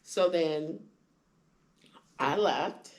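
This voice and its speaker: A woman candidly telling her own story in conversation, acting out quoted lines with sudden jumps in pitch. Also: drawn-out words. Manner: acts out quoted dialogue with big pitch jumps. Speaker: guest sharing her story.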